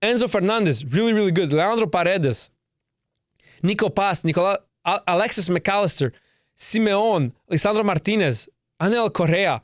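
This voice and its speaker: A young man hosting a solo podcast, talking brashly and emphatically, piling on repeats and swear words. His voice sits a little high for a man. The sound is dry and close, with almost no room echo. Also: animated, moderate pace. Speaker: podcast host. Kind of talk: casual solo podcast rant.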